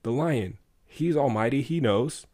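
A man voicing a boastful, stubborn male donkey in a spoken fable, chanting in a raised, shrill voice. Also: lively intonation, unhurried, mellow. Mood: insistent.

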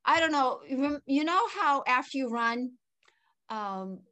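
An older woman telling a personal story in conversation, animated and laughing often, swinging between excited and hushed. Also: high voice, unhurried. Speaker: guest.

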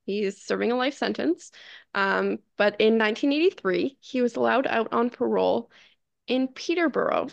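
A woman's voice: fairly high pitch, animated, moderate pace, vocal fry, dry recording, lo-fi sound. A woman co-hosting a podcast, recounting a true-crime case in casual chat, often tripping over foreign names and laughing it off. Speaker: podcast co-host.

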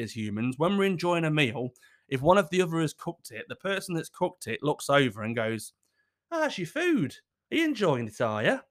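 A man's voice: on the high side, fairly bright tone. A man telling a comic personal story, swearing often, laughing and acting out the quotes. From United Kingdom.

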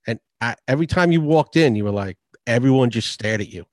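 A man's voice: mid-range voice, expressive, fast talker, darkish tone, dry recording. A man co-hosting a casual chat podcast, talking in a laid-back way full of fillers. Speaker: podcast co-host.

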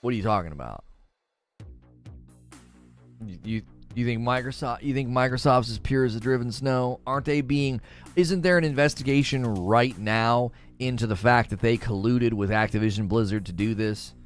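A man's voice: medium pitch, moderate pace, faint music behind. A man hosting a live stream, reading chat aloud and ranting sarcastically about the news. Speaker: livestream host.

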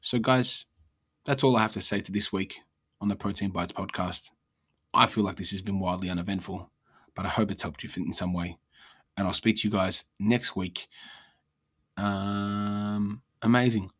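A young Australian man talks through a casual solo podcast in a somewhat low voice. He rants bluntly, swearing freely as he goes. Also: steady tone, moderate pace, long pauses, fairly bright tone. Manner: profane, blunt, ranting. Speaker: podcast host.

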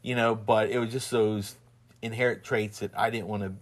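Halting man with a Southern twang. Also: on the low side, flat delivery. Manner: rambling, halting, many restarts; laughs often while telling stories. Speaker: husband and father. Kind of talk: casual chat.

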